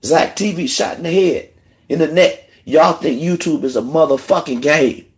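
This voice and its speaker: A man rants on his livestream in a heated, profane voice, sliding from low muttering up to outright shouting. He sounds emotional, close to tears. His voice sits somewhat high for a man. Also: moderate pace. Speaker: livestream host. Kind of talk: angry livestream rant.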